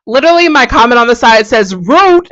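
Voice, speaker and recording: A woman hosting a video, giving casual, animated commentary on ancient texts with a sarcastic edge and frequent laughs. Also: a little high, fast talker, muffled recording. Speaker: video host.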